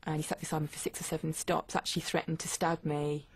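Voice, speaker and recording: Low, flat-voiced woman. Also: fast, husky. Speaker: interviewee recounting an incident. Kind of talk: testimony interview.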